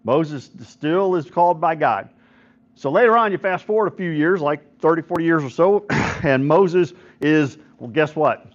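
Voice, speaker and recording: A man's voice: fairly high pitch, animated, measured pace. A middle-aged man, a pastor, gives an informal devotional talk at a men's breakfast, often checking in with listeners and retelling stories with quoted voices. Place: church hall at a men's breakfast. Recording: dull lo-fi recording.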